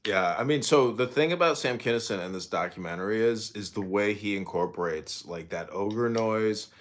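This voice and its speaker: A man's voice: fairly low pitch, normal speed. A young man hosting a podcast in casual, profane, rambling chat, often laughing. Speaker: podcast host.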